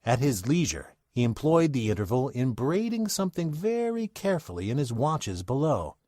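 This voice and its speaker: Theatrical male storyteller, lively pitch. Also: normal speed, no echo, studio quality. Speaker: narrator. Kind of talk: dramatic old-time radio narration.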